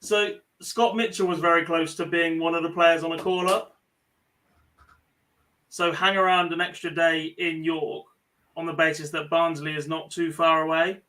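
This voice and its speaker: An English man with a high, bright voice and a blunt, sarcastic way of talking. He sounds a little distant from the microphone. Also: flat delivery. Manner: blunt, sarcastic, quick-witted. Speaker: podcast co-host. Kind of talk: casual banter.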